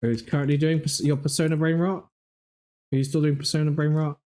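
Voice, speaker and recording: A man's voice: a little high, flat delivery, a little fast, warm tone. A man hosting a casual livestream, telling exasperated, profane stories while reviewing game footage. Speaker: livestream host.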